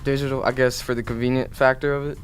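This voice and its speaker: Young man, halting emphatic speech, casual chat, faint background noise. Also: medium pitch, level tone. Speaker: co-host.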